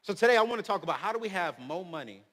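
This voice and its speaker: A man in his thirties preaching to a crowd in a lively, joking way, his voice rising loud and dropping soft. His voice is high and bright. It rings with long reverb from a big hall. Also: racing. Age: 30s. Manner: animated storytelling, swings between loud and soft; humorous, slangy. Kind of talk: motivational speech.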